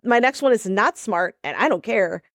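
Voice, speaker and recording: A woman's voice: mid-range voice, animated, normal speed, a bit bright, dry recording, studio quality. A woman co-hosting a podcast in casual chat, speaking emphatically and quoting lines from movies she loves. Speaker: podcast co-host.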